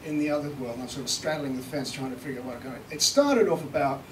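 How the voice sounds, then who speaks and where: This British seminar presenter, a recording engineer, talks fast at a medium pitch as he demos for a live audience, joking around and lightly swearing. He's heard from far off in an echoey room with background noise.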